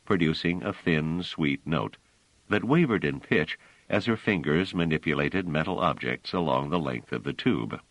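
Deep male narrator, lively expressive reading, dry close recording. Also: normal speed, no room sound, rough recording. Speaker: audiobook narrator. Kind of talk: scripted narration.

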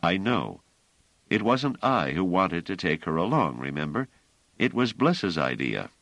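An irritable, brooding man aboard a ship in a storybook, curt and argumentative, voiced by a male narrator in a deep, lively voice. The sound is dry and close. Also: unhurried, dry recording, heavily acted. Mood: irritated. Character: irritable, brooding man, ship's captain type. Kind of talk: audiobook character voice.

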